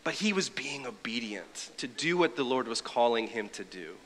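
A man's voice: medium pitch, very animated, normal speed, fairly bright tone. A man preaching a sermon in a conversational way, with wry asides. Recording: long reverb of a large hall.

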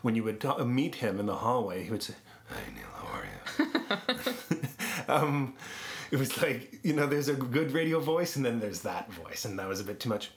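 A man's voice: mid-range voice, brisk. A man, a podcast producer, telling stories in a conversational interview with frequent laughs. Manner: animated anecdotes with frequent laughs.

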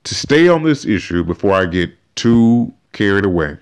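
A man hosting a podcast, giving animated, emphatic opinion commentary and often restarting his sentences. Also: on the low side, moderate pace, clean tone. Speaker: podcast host.

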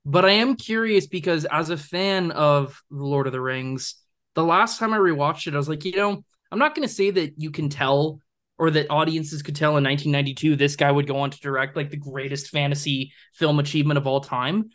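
Podcast co-host, young man, fairly high voice, eager and rambling. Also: a little fast, fairly bright tone. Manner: enthusiastic, rambling with fillers and laughs. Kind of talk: casual film discussion.

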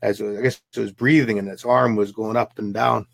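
A man's voice: on the low side, fairly even intonation, brisk, gravelly, dry recording. A man from the Pacific Northwest, a guest telling a vivid first-hand story and acting out the people in it. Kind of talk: storytelling an encounter.

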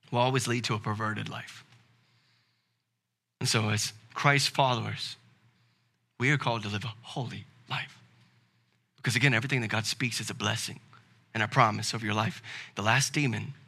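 Preaching with a Southern American accent, this pastor climbs to forceful, booming emphasis before easing down to a hush. His medium-pitched voice carries vocal fry.

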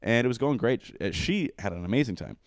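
A man's voice: medium pitch, expressive, quick pace, no room sound, clean studio sound. A young man telling a long, rambling, profane story in casual chat, full of fillers.

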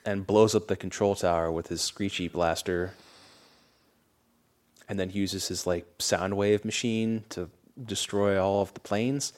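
Very deep-voiced man, sardonic explainer. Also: fairly even intonation, unhurried. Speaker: podcast co-host. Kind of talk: casual chat.

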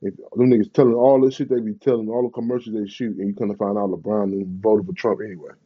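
A man's voice: lowish voice, little pitch movement, fast, slightly rough, muffled recording. A man, ranting in a profane, rambling, slang-heavy way in a casual vlog. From Bay Area, California. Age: 30s.

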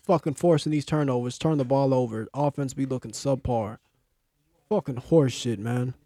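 A man's voice: medium pitch, normal speed, warm tone, no echo. A young man co-hosting a casual sports podcast, ranting and swearing heatedly about his team's play. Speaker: podcast co-host.

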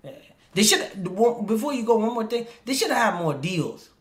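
A man chatting casually, complaining in an animated, slangy way. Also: high voice, normal speed, roomy sound, crowd noise. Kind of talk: casual chat.

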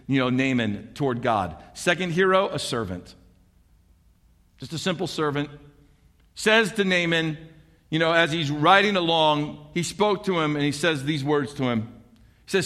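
Animated and conversational, this preacher keeps posing rhetorical questions to his congregation. He speaks on the higher side, and the audio has the sound of a big room.

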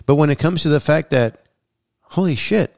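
A man's voice: fairly high pitch, moderate pace, vocal fry, a little mellow. A man hosting a casual podcast chat, talking bluntly and emphatically and swearing freely. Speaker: podcast host.

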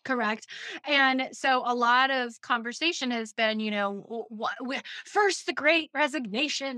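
A woman co-hosting a podcast in a casual, animated chat, laughing often and tossing in quick asides. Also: fairly high pitch, dry recording. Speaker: podcast co-host.

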